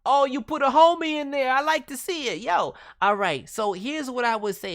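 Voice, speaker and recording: A man's voice: very high-pitched, normal speed, few pauses, fairly bright tone. A man streaming feedback on voice acting demos in a friendly, casual way, with hesitant restarts and bursts of slang.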